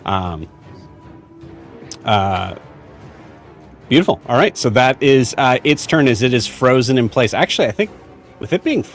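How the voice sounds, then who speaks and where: Man, game master; laid-back, filler-heavy narration over faint music. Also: fairly low pitch. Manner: casual, halting with many fillers.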